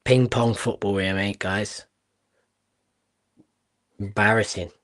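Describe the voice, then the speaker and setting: A man from Portugal, doing live football watchalong commentary in a blunt, excitable way with quick exclamations and swearing. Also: on the low side. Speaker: football streamer.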